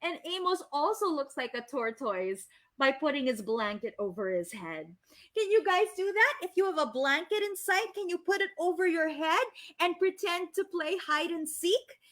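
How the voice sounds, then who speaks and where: A Filipino woman reading a story aloud live for children, animated and gushing, often asking the kids questions. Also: very high-pitched, normal speed. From Philippines.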